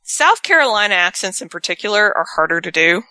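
A woman's voice: mid-range voice, very animated, fairly quick, pushed and bright, dry recording. A woman co-hosting a show, recapping an episode in casual, rambling chat. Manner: chatty, rambling storyteller. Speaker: podcast co-host.

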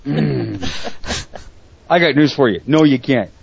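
A man's voice: medium pitch, slow, creaky, dull audio, slight background noise. A man hosting an online talk show, bantering bluntly and swearing freely. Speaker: show host. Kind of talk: casual profane banter.

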